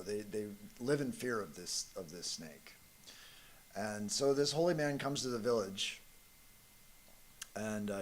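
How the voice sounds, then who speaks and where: A man's voice: on the low side, slight background noise. Man telling a parable in a sermon. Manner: conversational, relaxed, frequent fillers. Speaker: monk giving a spiritual talk. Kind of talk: sermon with storytelling.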